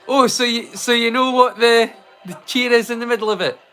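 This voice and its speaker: A man's voice: extremely high pitch, pushed and bright. A man with a Scottish accent hosting a live watch-along, chatting in a rambling way and breaking into song. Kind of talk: casual chat.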